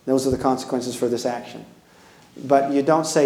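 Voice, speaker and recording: A man's voice: mid-range voice, fairly even intonation, a little fast, dark tone, reverberant, low-quality recording. A man giving an earnest talk to an audience, pleading with them and asking them direct questions. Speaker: speaker giving a parenting talk.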